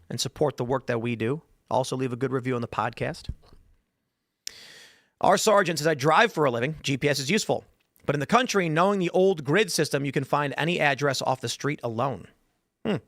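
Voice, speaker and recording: A man hosting a podcast, reading out viewer comments and chatting casually, animated and quick to laugh. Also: fairly high pitch, dry recording, clean studio sound. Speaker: podcast host.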